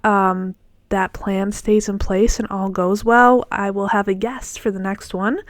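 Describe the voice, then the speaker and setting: A woman talks through her solo podcast in a casual, encouraging way, as if chatting with a friend and letting slips roll. Her voice is smooth and clear, with a bit of morning voice. It is recorded close on the mic in a dry space. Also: mid-range voice, a bit bright, no echo. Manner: chatty and encouraging, with fillers and self-corrections. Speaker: podcast host.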